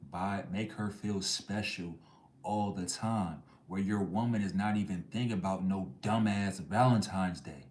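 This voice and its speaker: A man's voice: low voice, unhurried, darkish tone, reverberant. A man hosting a live chat stream, ranting bluntly in heavy slang. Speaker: livestream host.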